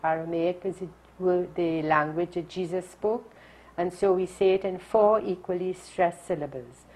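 A woman, a religious sister, calmly and deliberately teaching how to meditate. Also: on the low side, slightly rough, low-quality recording. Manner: calm, slow and deliberate. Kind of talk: gentle meditation instruction.

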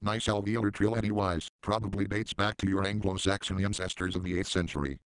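Deadpan sarcastic man, very deep voice. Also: a little fast, clean tone, no echo. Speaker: commentary channel host. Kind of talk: mocking commentary.

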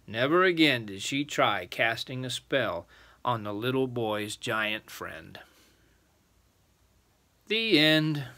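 An older man reading a children's bedtime story aloud as a lively grandfatherly storyteller. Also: mid-range voice.

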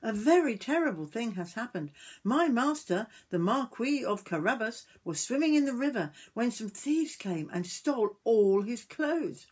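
A woman's voice: fairly high pitch, sing-song, normal speed, darkish tone, husky, voice pushed up. An older woman voicing a clever, scheming male cat in boots in a read-aloud storybook, bold and persuasive. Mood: urgent.

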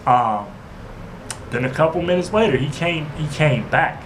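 A man's voice: on the high side, lively intonation, normal speed, background noise. A man telling a casual storytime to camera, rambling and stumbling, constantly asking "you know what I'm saying" and restarting his sentences. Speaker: vlogger.

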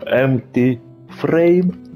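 A man's voice: medium pitch, extremely slow, dark tone, soft background music. A man playing a video game as host, making wry joking asides in casual commentary. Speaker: let's play host.

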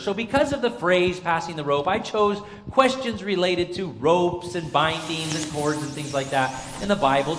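A man's voice: on the high side, a little hiss or hum. A man preaching as pastor, running an interactive Bible trivia quiz with his congregation, chatty and full of fillers. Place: church sanctuary. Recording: long church reverb.

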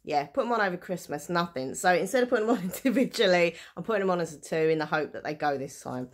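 A woman's voice: on the low side, expressive, fast talker. A woman chatting casually in a show-and-tell vlog, rambling and self-deprecating with frequent giggles. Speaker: vlogger selling items online.

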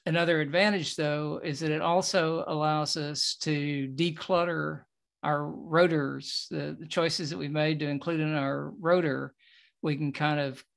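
A man giving a relaxed, step-by-step phone demonstration for a group. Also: on the high side, creaky. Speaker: presenter giving a tip demo.

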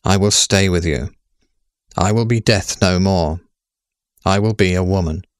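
A man voicing Death as a golden-haired young woman, speaking in a measured, solemn way with pleading questions. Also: low voice, no echo, clean studio sound.

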